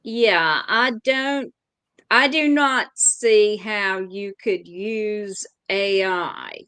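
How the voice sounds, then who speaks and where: Slow-talking Southern woman, bright and smooth. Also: mid-range voice, no echo. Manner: slow, deliberate, describing cards in detail. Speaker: co-host tarot reader. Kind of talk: casual chat.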